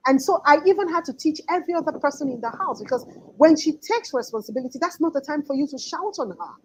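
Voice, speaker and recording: A woman's voice: high-pitched, expressive, quick pace, rough recording. A woman in her forties giving an earnest, emphatic motivational talk as a life coach, often restarting her sentences.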